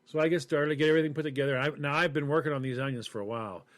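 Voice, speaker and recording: A man tells a story in casual chat, voice pitched a little high. He acts out quotes with energy. The sound is dry and close. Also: racing, no room sound. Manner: animated storytelling with acted-out quotes.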